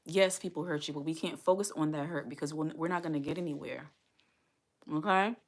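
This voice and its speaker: Low-voiced earnest woman vlogger. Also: fairly even intonation, a little fast. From United States. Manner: earnest, heartfelt, repeats herself for emphasis. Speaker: single mom vlogger. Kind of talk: casual livestream talk to viewers.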